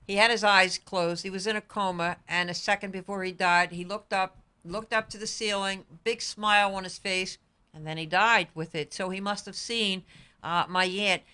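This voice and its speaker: A woman's voice: mid-range voice, steady tone, normal speed, sharp tone, clean tone. A woman hosting a talk show, asking earnest questions and telling family stories in casual chat. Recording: 2012 public-access talk show studio.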